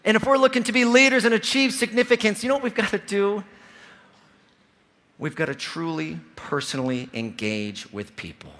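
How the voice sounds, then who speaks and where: A man's voice: high voice, moderate pace. A man in his forties from Ohio, giving a motivational keynote speech to a large convention audience, telling stories with lots of energy and speaking directly to the crowd. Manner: energetic, storytelling, audience-engaging. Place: large convention hall stage.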